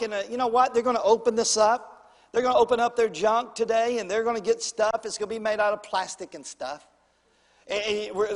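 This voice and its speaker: An older man preaching a sermon as pastor, calling for amens and swinging his voice between loud and soft. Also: big-room sound. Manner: preacherly call-and-response, animated swings in pitch and volume. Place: church sanctuary.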